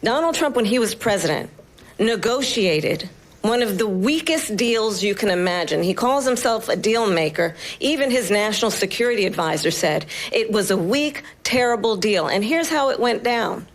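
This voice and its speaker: A woman's voice: mid-range voice, expressive, normal speed. Woman speaking firmly in a debate. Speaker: debate candidate. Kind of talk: debate speech.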